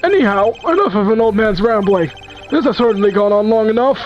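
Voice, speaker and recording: A woman's voice: medium pitch, lively intonation, a little mellow, muffled recording, a little hiss or hum, lightly acted. A woman voicing a kindly elderly male judge in a fan-made courtroom game, speaking formally and a little rambling. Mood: solemn. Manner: formal, measured courtroom delivery.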